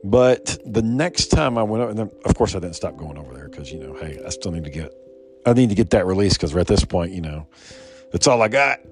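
A man with a low voice tells a personal story in loose, rambling fashion, swearing freely and restarting sentences as he goes. Faint music sits quietly behind him. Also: animated, brisk. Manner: profane, rambling, many restarts. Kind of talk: casual personal anecdote.

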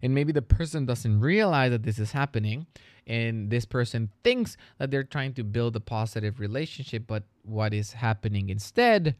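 A man hosting a solo educational podcast, talking casually as a teacher and turning lively when he retells classroom stories. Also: mid-range voice, moderate pace, no room sound, clean studio sound.

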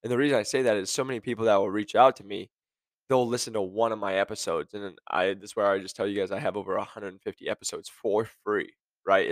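Speaking in a lowish voice with no echo in the recording, a man hosts a podcast and offers his listeners a casual, blunt, sarcastic rant.

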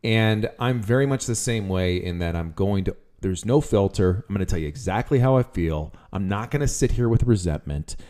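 A man's voice: lowish voice, animated, normal speed, hardly any pauses, a little mellow. A man co-hosting a relationship podcast, talking bluntly and frankly in casual chat. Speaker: podcast co-host.

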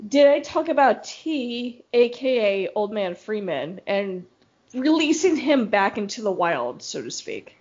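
A woman's voice: mid-range voice, big pitch swings, measured pace, darkish tone, slightly rough. A woman co-hosting a podcast in casual chat, rambling and laughing often. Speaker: podcast co-host. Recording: dull lo-fi recording.

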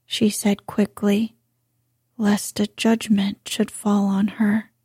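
A woman reading a bedtime story aloud in a soft, hushed, drawn-out delivery. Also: medium pitch, level tone, husky, dry recording, studio quality.

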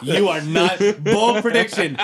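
A man's voice: sits high, measured pace, a crowd in the background. A man co-hosting a podcast, teasing his friends in casual banter. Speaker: podcast co-host.

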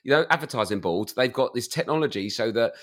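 A man co-hosting a podcast with a croaky voice, talking in a jokey, animated way and swearing now and then. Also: mid-range voice, quick pace. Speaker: podcast co-host. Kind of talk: casual chat.

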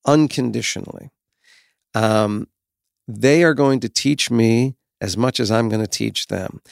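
A man's voice: mid-range voice, vocal fry, no echo, studio quality. A man in his fifties talking as a guest, telling candid stories in a reflective, frank way and swearing now and then. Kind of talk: candid conversational storytelling.

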